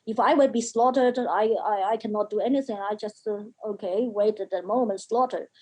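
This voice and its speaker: A woman speaking as an interview guest, telling a personal story in halting phrases with many fillers and acting out the lines of the people in it. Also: mid-range voice, a little mellow, poor audio. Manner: emphatic, acts out quoted speech. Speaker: podcast guest, mental health educator.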